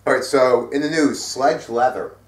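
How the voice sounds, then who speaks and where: A man's voice: mid-range voice, normal speed. A middle-aged man co-hosting a casual heavy metal news chat, rambling and profane with many fillers. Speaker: co-host. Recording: roomy sound from a distant mic.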